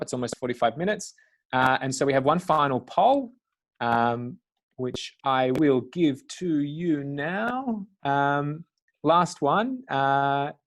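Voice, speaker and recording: A man hosting a live online webinar in a relaxed, halting way, with many fillers. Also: mid-range voice. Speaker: webinar host.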